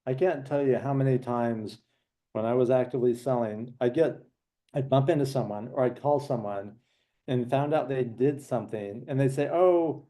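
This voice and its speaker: A male interview host with a mellow, warm voice at a medium pitch. He answers his guest thoughtfully and agrees with her point in an easy, conversational way. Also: moderate pace.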